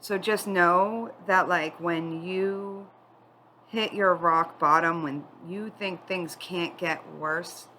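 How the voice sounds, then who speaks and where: A woman giving a spiritual tarot reading, tearful and crying as she talks in a candid, halting, confiding way. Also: fairly low pitch, fairly even intonation, bright, forceful tone, slight background noise, poor audio. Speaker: tarot reader.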